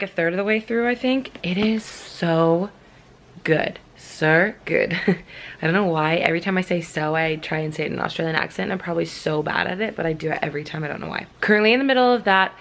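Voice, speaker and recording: A young woman from Southern California with a lowish voice chats casually in a home vlog about books, recorded indoors with a little hiss or hum. She rambles, using lots of fillers and small laughs.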